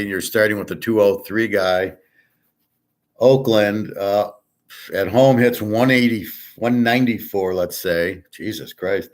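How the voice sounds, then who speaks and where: Low-voiced man rambling through betting picks. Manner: rambling, stats-heavy, with many fillers. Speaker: sports handicapper. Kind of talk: casual betting picks talk.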